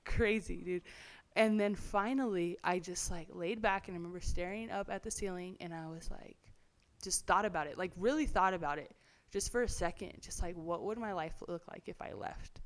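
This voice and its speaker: Lowish-voiced woman telling her story. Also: moderate pace. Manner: chatty, frequent "like" and "you know", acts out voices in her story. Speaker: interview guest. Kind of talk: personal testimony storytelling.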